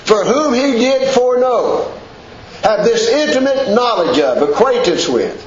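A man preaching a sermon, folksy and emphatic, stretching words and swinging his pitch up and down. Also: lively intonation, a little slow, a little hiss or hum. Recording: echoey room, dull lo-fi sound.

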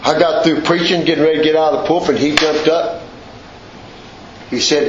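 Male preacher, high animated delivery, roomy church sound. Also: normal speed, long pauses, dull audio, slight background noise. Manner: impassioned, repeating phrases with rising pitch. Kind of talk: sermon.

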